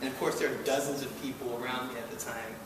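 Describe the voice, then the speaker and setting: A man's voice: medium pitch, flat delivery, quick pace. A man telling a wry, self-deprecating personal story live to an audience that laughs along. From Baltimore. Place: live event hall with audience. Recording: echoey hall, distant mic, noisy.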